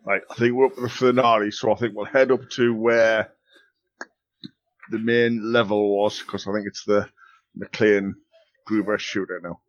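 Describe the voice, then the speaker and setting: A man's voice: on the low side, normal speed, lo-fi sound. A man playing a tabletop game, scheming and joking with the table. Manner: animated, scheming and jokey. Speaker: player. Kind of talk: casual tabletop game play.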